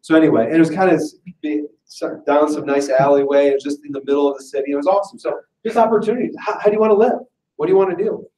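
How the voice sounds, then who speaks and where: A chatty man with a slightly raised voice delivers a joking sales pitch to a room full of people. He is heard from a distance through a room mic, so his voice carries a roomy echo. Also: racing, warm tone. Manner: chatty and self-deprecating, with frequent laughs. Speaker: business presenter at an info session. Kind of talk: casual, joking sales pitch to a live audience. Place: meeting room with a live audience.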